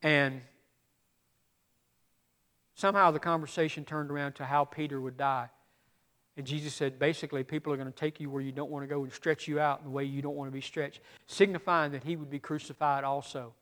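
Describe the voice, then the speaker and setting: A man preaching a sermon as pastor, swinging from loud emphatic preaching to hushed asides. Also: fairly high pitch, fairly even intonation, brisk.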